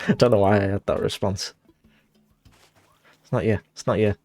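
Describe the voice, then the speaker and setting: A young man's darkish, low-leaning voice rambles through casual game-stream chatter. He comes across self-conscious and apologetic, with giggly asides, recorded on a dry close mic with faint music in the background.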